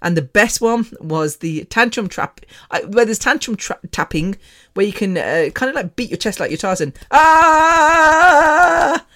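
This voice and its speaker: A woman's voice: mid-range voice, expressive, moderate pace. A woman hosting her own podcast in a casual personal monologue, frank and candid with mild swearing, rambling with frequent restarts. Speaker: podcast host.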